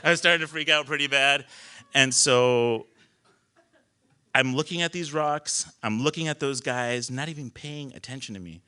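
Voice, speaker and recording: A man telling a personal story on a small live stage, animated, laughing often and swearing casually. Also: medium pitch, normal speed, smooth.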